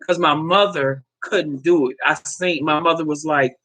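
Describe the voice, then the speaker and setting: A woman's voice: deep voice, steady tone, moderate pace, fairly bright tone, low-quality recording. A woman in her fifties hosting a casual livestream, speaking heartfelt and direct to her viewers, often repeating herself. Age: 50s. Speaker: livestream host. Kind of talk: casual live-stream chat with viewers.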